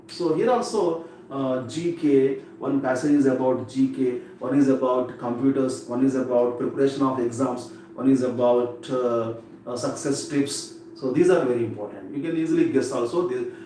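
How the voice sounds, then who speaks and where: A man's voice: medium pitch, dark tone. Man, English teacher, exam-prep lesson, repeats words, very echoey room, distant mic. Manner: repetitive, drilling words aloud. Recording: echoey room from far off with faint noise.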